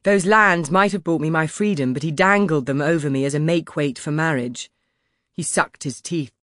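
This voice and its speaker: A man reading a first-person historical audiobook in a measured, expressive storytelling manner, close to the microphone. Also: on the high side, no room sound. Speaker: audiobook narrator. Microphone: close studio mic.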